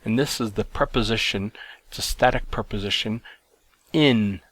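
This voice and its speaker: Man in the role of a teacher, lowish voice, steady explaining pace, dry close-miked sound. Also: husky, no room sound. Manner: plain, measured explaining with fillers and restarts. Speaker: Greek teacher. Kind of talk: recorded lesson.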